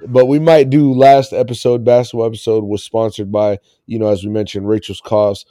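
A man hosts a casual sports podcast with a mellow, warm voice. He rambles loosely and laughs often. The sound is dry and close. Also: lowish voice, level tone, a little fast, no echo. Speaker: podcast host.

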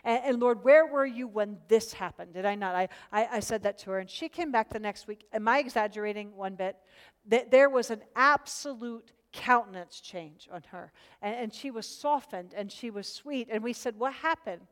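Leading a group Bible study, a woman speaks earnestly, repeating words as she starts a thought and asking the group questions. Her medium-pitched, fairly bright voice moves at normal speed, with a big-room sound.

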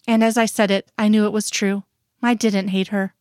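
A woman reads a first-person story aloud at a steady, measured pace. Her voice sits in a middle register. The recording is dry and close. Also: medium pitch, no room sound. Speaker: reader. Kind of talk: first-person fiction reading.

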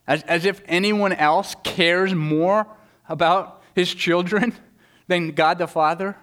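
The pastor's high, fairly bright voice keeps a fairly even intonation as he takes his time. Preaching earnestly, he stammers with repeated words when launching a thought and gives voice to quoted speakers.

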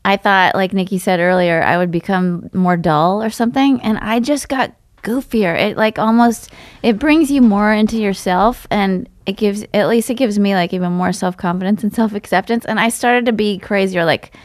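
A woman's voice: mid-range voice, moderate pace, no room sound, studio quality. A woman talking casually and frankly in a conversation, filling her speech with "like". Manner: chatty, lots of "like", frank.

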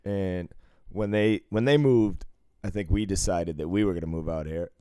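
A man's voice: low voice, normal speed, mellow, smooth, dry recording. A man from the Northeastern US telling a rambling, profane road-trip story in casual podcast chat. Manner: rambling, profane, laughs through stories.

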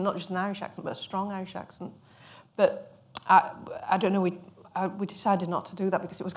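A woman director speaking on a panel discussion, thoughtful and often restarting her sentences. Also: on the low side.

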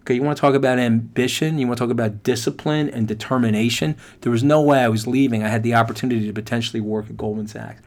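Fast-talking with few pauses, this middle-aged podcast host has a mid-range voice. He tells a motivational story emphatically and with animation, addressing listeners directly.

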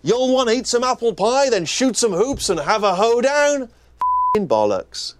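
A man's voice: very high-pitched, very animated, a little slow, noisy background, heavily acted. An actor playing a cheeky English man mocking Americans in a comic ad, talking in a mocking tone. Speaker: ad spokesman. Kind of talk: comic ad monologue.

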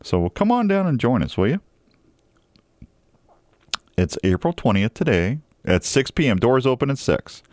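A man's voice: medium pitch, very animated, a little slow, pauses often, a little mellow, dry recording, studio quality. A man hosting a radio talk show, chatting casually in a rambling, jokey way with frequent restarts.

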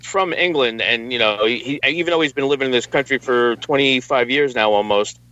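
A man's voice: mid-range voice, fairly quick, bright, forceful tone, highs cut off. An American man co-hosting a casual podcast, rambling and stammering with crude swearing. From United States. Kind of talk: casual chat.

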